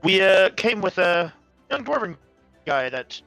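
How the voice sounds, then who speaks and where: A man's voice: high-pitched, big pitch swings, unhurried, creaky, sharp tone, soft background music. A man playing a tabletop game, talking hesitantly and thinking aloud in character. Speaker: player.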